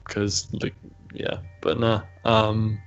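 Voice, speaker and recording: A man's voice: lowish voice, monotone, slow, clean tone, highs cut off, soft background music. A man narrating as game master of a tabletop role-play, hesitant and full of fillers. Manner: hesitant, many fillers and restarts.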